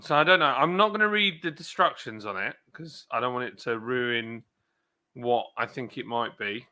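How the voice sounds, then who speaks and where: Middle-aged guy hosting a chill stream, really bright voice, rambly and jokey. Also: medium pitch, normal speed. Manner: jokey, rambling, self-mocking. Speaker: live stream host. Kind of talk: casual live chat.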